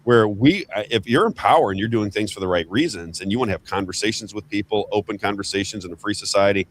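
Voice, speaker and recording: A man's voice: lowish voice, fast, slight background noise. A man hosting a political talk show, chatting emphatically with a guest and often repeating himself as he talks. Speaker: host.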